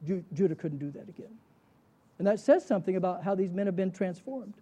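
A man delivering a sermon in a high yet deeply mellow, dark voice. He teaches in an animated, storytelling way, tossing rhetorical questions to his listeners and chuckling now and then. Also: a little fast. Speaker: Bible teacher.

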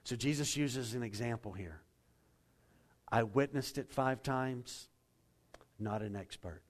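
A middle-aged man delivers a sermon as a pastor. His voice sits at an ordinary pitch, dropping low and quiet at the ends of phrases, then swelling into loud, emphatic builds. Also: slow pace.

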